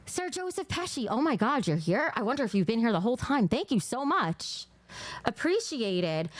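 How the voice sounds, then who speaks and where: A woman's voice: fairly high pitch, sing-song, moderate pace, dry recording. A woman with a New Jersey accent hosting a casual livestream, blunt and profane at times and gushing over viewers' donations. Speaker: livestream host.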